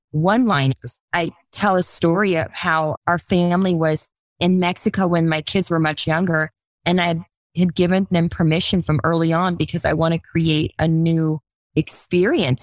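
A middle-aged woman, a life coach, talking as a guest in a podcast interview, at times slow and soothing as she guides breathing, at times earnest and lively as she explains. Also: low-pitched, no room sound, clean studio sound. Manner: earnest, animated storytelling.

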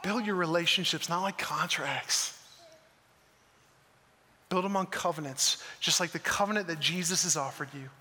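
Pastor, man, earnest emphatic sermon delivery, bright tone, long hall reverb. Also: fairly high pitch, normal speed, long pauses, breathy edge. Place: church hall.

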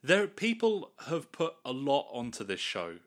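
A man's voice: mid-range voice, huge pitch swings, measured pace. A man co-hosting a casual podcast chat, giving opinionated, wry takes. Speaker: podcast co-host.

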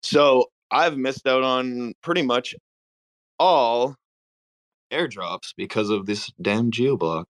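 A man's voice: medium pitch, slow pace. Laid-back joking man. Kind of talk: casual chat on a live audio space.

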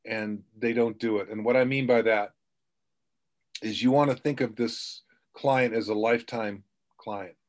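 A man's voice: fairly low pitch, fairly even intonation, unhurried. A middle-aged man, a sales trainer, telling anecdotes in a podcast interview and acting out the quotes.

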